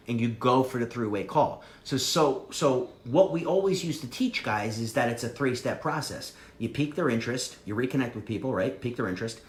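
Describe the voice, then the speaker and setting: Animated fast-talking man coaching sales. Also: mid-range voice. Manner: animated, acts out sample phone calls. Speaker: sales trainer. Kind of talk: energetic coaching talk. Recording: echoey room with faint ambient noise.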